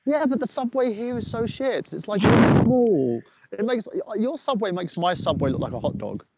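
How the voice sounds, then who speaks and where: Gravelly English man, profane storyteller. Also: sits high, expressive, moderate pace, highs cut off, noisy background. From England. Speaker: podcast guest, former wrestler. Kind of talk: casual podcast chat.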